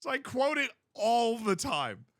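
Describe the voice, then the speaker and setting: A man streaming a game, chatting casually in a rambling, jokey way with sudden loud outbursts. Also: very high-pitched, big pitch swings, a little slow, no room sound, clean studio sound.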